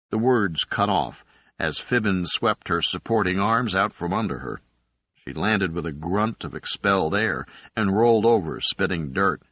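A man narrating an audiobook in a steady, even reading. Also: deep voice, measured pace, dry recording. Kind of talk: scripted narration. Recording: slightly dull recording.

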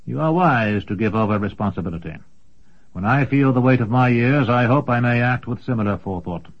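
A man voicing a haughty older sorcerer, curt and used to being obeyed. His voice is husky and raised, heard through a dull, lo-fi audiobook recording. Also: medium pitch, brisk, close to an everyday voice. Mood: commanding.

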